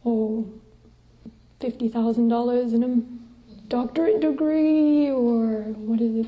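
A woman, a Buddhist nun, giving a dharma talk to a meditation group, gentle and unhurried, sometimes sinking to soft breathy asides. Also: on the high side, muffled recording.

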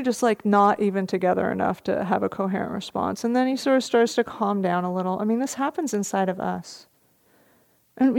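A middle-aged woman teaching meditation shares a story during a retreat dharma talk, speaking gently and laughing softly. She has a gravelly, mid-range voice.

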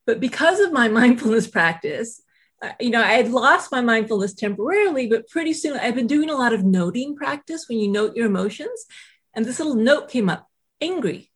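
A middle-aged woman talks through a personal story as a guest author. Her voice sits fairly high and carries a breathy, airy edge, and she gets animated when she acts out quotes, with a self-deprecating humor. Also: a little fast. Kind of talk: conversational storytelling.

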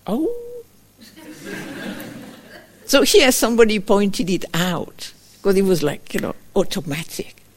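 Gentle woman giving a dharma talk. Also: medium pitch, expressive, normal speed. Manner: storytelling, acting out her own inner voice in small quoted asides; gentle, reflective, with frequent fillers like "kind of". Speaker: meditation teacher. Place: meditation retreat center.

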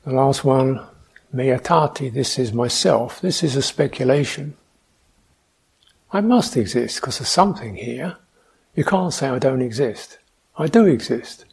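A man giving a reflective meditation talk, speaking slowly, asking questions and adding soft hums between points. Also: medium pitch, animated, creaky, slightly rough. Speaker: meditation teacher. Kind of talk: dharma talk.

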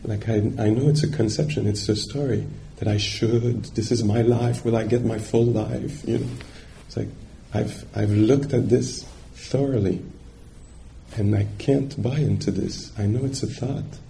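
A man's voice: lowish voice, fairly even intonation, measured pace, vocal fry, warm tone, slight background noise. A man giving a dharma talk as a meditation teacher, searching for words and checking in with his listeners.

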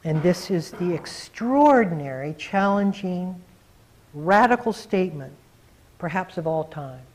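A male meditation teacher speaks to a gathered group in a dharma talk. He is reflective and earnest. He often slows down and leans on single words for emphasis. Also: high voice, expressive, a little mellow, poor audio.

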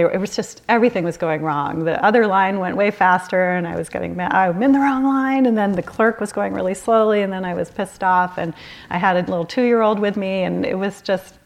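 Candid woman meditation teacher, slightly low voice. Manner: warm, candid, storytelling with laughs and self-corrections. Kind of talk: dharma talk at a retreat. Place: retreat meditation hall.

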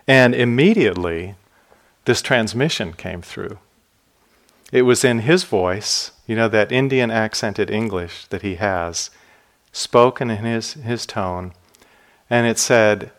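A man who teaches meditation, giving a dharma talk in an unhurried storytelling way. He speaks gently and reflectively, and the ends of his phrases drop soft and low. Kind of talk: dharma talk with personal stories.

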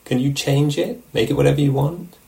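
A man teaching meditation, giving a relaxed, musing dharma talk at a retreat and often checking in with his listeners. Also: mid-range voice, fairly quick, gravelly, low-quality recording. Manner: reflective, musing, asks questions of the listeners. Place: meditation hall.

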